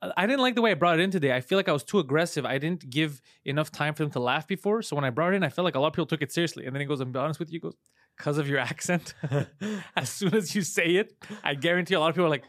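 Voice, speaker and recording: A man with a Montreal Park Extension accent, telling stories fast in a casual podcast chat, swearing and laughing often. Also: fairly high pitch, lively intonation, a bit bright, no room sound, clean studio sound. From Montreal, Canada. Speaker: comedian guest.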